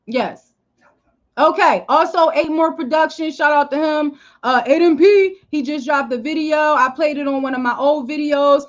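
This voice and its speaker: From her living room, a high-voiced woman hosts a casual livestream, animated and emphatic, repeatedly saying "okay?" and "you know." She talks at a moderate pace, and the audio sounds dull.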